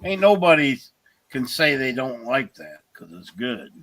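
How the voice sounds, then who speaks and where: Man as livestream host: blunt, plainspoken storyteller, mid-pitched voice. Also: sing-song, measured pace, fairly bright tone. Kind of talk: casual chat.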